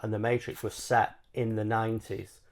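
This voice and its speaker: A man co-hosting a podcast, telling stories in relaxed, jokey banter. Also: on the low side, normal speed, gravelly. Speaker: podcast co-host. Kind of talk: casual chat.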